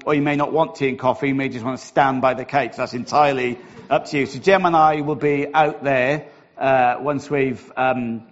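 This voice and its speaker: A middle-aged Welsh man, a pastor, opening a sermon in a chatty, joking, self-deprecating way in a church hall. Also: medium pitch. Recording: dull lo-fi recording.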